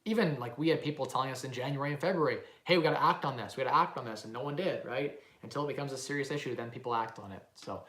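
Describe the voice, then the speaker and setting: A man's voice: mid-range voice, reverberant. Rambling man on a live stream. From Canada. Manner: rambling, animated, lots of "like" and "right?". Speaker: real estate investing YouTuber.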